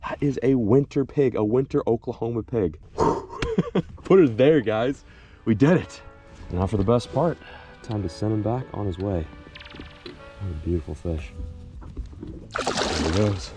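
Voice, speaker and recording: A young man vlogging while fishing outdoors in winter, talking excitedly to the camera as he reels in fish. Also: fairly low pitch, unhurried, long pauses, soft background music. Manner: excitable, exclaiming and laughing while reeling in fish. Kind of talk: casual on-camera fishing commentary.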